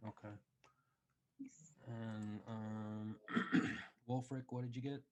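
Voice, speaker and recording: Easygoing GM, low voice, very slow talker, voice call. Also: male voice, level tone, a little mellow. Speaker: game master. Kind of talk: running a tabletop game. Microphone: online voice call.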